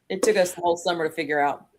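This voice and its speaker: A woman's voice: lowish voice, a little hiss or hum. A woman hosting a casual live chat stream over a video call, chatty and laughing easily. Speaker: host.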